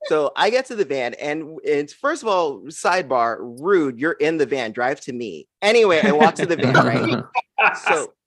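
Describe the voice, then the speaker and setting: A man's voice: fairly high pitch, big pitch swings, moderate pace, dry recording, clean studio sound. A man in his forties performing a stand-up set, telling a story with big swings into put-on voices. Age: 40s. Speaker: stand-up comedian.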